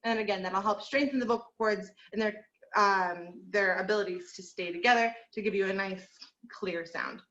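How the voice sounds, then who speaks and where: A woman's voice: mid-range voice, moderate pace, fairly bright tone, roomy sound, lo-fi sound. A woman teaching an online group singing lesson, encouraging her students and counting through number drills. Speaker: vocal teacher.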